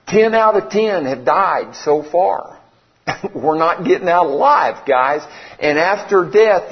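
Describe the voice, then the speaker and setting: A middle-aged man, preaching a sermon in a folksy, conversational way and acting out the dialogue of a story. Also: a little high. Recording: slightly dull lo-fi sound.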